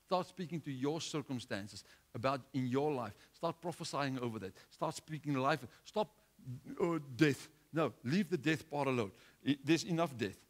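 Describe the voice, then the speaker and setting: A man's voice: mid-range voice, animated, moderate pace. Male preacher, medium voice, exhorting sermon delivery with repetition.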